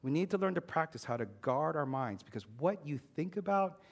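A male pastor preaching a sermon with personal testimony, earnest and emphatic, slowing down and dropping low on key words. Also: lively intonation, gravelly.

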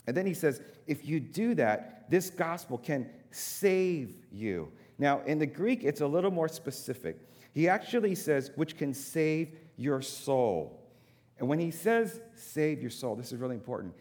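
A man's voice: fairly high pitch, expressive, moderate pace, darkish tone. A man preaching a sermon, repeating words for emphasis and turning to the congregation with casual asides. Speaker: pastor. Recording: long hall reverb.

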